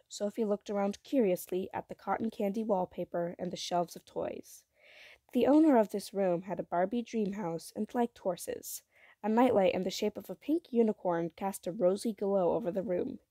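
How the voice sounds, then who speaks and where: Soft-toned woman reading a story. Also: medium pitch, no room sound, studio quality. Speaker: reader. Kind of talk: reading a book chapter aloud.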